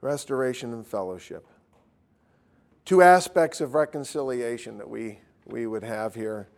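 A man's voice: medium pitch, a little slow, gravelly. A man teaching a Bible study class in a blunt, informal way, often restarting his sentences. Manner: blunt, informal, self-interrupting.

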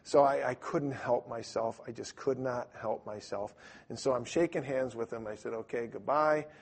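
A middle-aged man preaching a sermon with a husky voice, telling stories and acting out the voices in them. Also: mid-range voice, normal speed. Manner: animated storyteller who acts out voices in his stories. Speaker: preacher or Bible teacher. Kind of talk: storytelling sermon to a live audience.

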